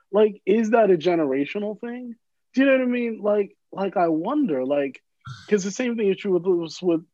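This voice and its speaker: Higher-voiced man, dull dry sound. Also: no echo. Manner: rambling, searching for words, swears. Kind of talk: casual chat.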